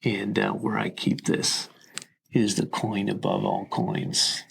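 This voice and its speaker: A middle-aged man, an army chaplain, giving slow, measured, reflective interview answers. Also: on the low side, sing-song, vocal fry, slightly rough. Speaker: army chaplain, podcast guest.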